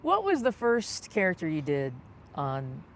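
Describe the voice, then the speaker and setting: A man interviewing a guest in a casual chat, asking curious, halting questions. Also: sits high, huge pitch swings, a little hiss or hum.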